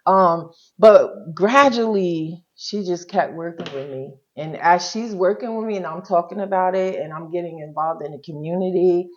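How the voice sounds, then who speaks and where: A woman with a deep, low voice tells her own story as an interview guest, candid and colloquial. She often acts out what she used to say. The recording sounds slightly dull and lo-fi. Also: normal speed, few pauses, a little mellow. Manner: colloquial and frank, quotes her own past words. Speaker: interview guest, social worker.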